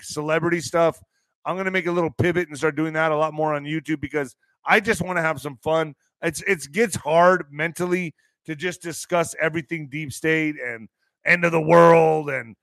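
A man hosting his own live online show, chatting casually and rambling through stories, sometimes bursting into shouts. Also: a little high, gravelly, dry recording. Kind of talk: casual live-stream monologue.

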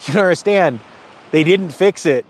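A man's voice: high voice, normal speed. A middle-aged man hosting his own channel, talking casually and emphatically, rambling and getting emotional. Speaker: channel host. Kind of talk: casual to-camera talk.

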